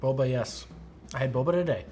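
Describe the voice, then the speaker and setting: A man chatting casually as a guest, with a dry, deadpan sense of humor. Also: mid-range voice, brisk, faint music behind. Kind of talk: casual chat.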